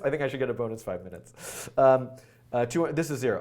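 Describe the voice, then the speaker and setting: A man hosting a live coding stream, thinking aloud in a rushed, flustered way, full of fillers and self-corrections. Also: medium pitch, very animated. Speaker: coding livestream host.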